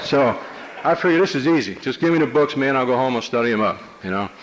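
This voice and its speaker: Talking fast and expressively, a mid-range-voiced man from New Jersey relates his recovery story to a meeting audience. He's wry and streetwise, with many "you know"s, and there's noise in the background.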